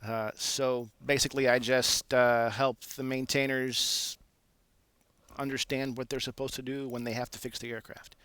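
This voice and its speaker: A man with an ordinary mid-range voice tells a long anecdote in a loose, chatty way. He fills his pauses with "uh" and jokes at his own expense, the easy manner of an engineer talking shop. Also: medium pitch, clear, resonant tone, dry recording. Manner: relaxed, self-deprecating, lots of "uh" fillers. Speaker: aircraft engineer. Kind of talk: casual anecdotal storytelling.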